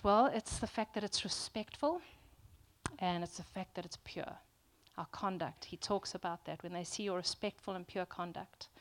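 A woman delivers a sermon to a congregation. She speaks earnestly and stresses her points, often stopping to restart with an um. Her voice sits at an ordinary middle pitch. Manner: earnest, emphatic, with frequent ums and restarts. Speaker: preacher.

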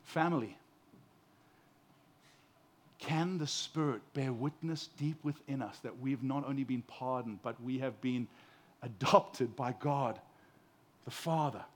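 A man in his forties preaching a sermon as a pastor, impassioned, dropping from loud emphasis to hushed tenderness and repeating words as he builds a point. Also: mid-range voice, slow pace, pauses often.

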